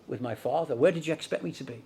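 A preacher speaking as a calm, gentle man who answers quietly and firmly. The voice has a Liverpool accent and drops lower and softer than his plain preaching. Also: quick pace, creaky, breathy edge, full character voice.

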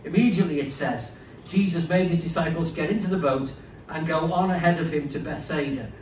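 A man's voice: on the high side, brisk, darkish tone, recorded from a distance, a little hiss or hum. A man preaching a sermon, conversational and emphatic, with frequent asides. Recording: roomy, from off-mic, faint ambience.

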